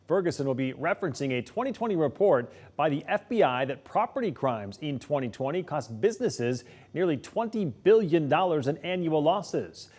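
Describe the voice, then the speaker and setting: A male news anchor with a slightly high-pitched voice reads the late local news. His delivery is steady and measured, moving smoothly from story to story. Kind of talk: scripted news reading.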